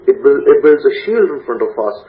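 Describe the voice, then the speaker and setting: A man's voice: medium pitch, big pitch swings, fairly quick, phone-quality sound. A man, a rabbi, preaching a sermon with an emphatic, repetitive cadence.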